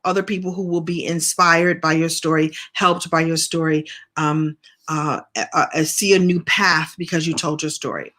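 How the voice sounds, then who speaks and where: This middle-aged woman, a coach for business and writing, has a lowish voice with a touch of brightness. During an easygoing live stream she responds to viewers' comments, talkative and encouraging.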